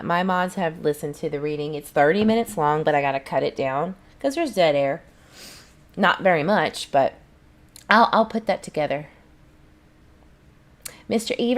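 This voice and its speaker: A woman's voice: fairly low pitch, creaky. A woman, hosting a casual livestream and chatting back to viewers' comments in a rambling way. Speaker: channel host.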